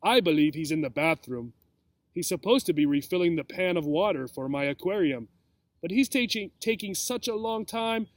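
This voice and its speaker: A man voicing a hungry male boa constrictor in a storybook reading, speaking slowly and smoothly, savoring each word. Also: on the high side, dry recording, close to an everyday voice.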